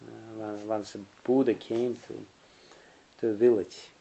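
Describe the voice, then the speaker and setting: A man's voice: on the low side, level tone, measured pace, creaky, mellow, highs cut off. A man giving a spiritual lecture, telling stories in a rambling way and chuckling often. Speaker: spiritual teacher.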